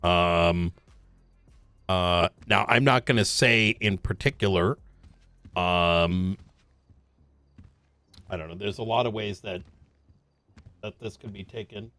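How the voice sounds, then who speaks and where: A man talking in character during a roleplay game, hesitant and full of pauses and ums. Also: deep voice, pushed and bright, no room sound. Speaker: roleplay player.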